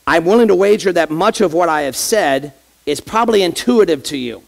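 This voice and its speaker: A man's voice: on the high side, animated, brisk, gravelly. A man, an associate pastor, preaching a conversational sermon in church and addressing the congregation directly with rhetorical questions.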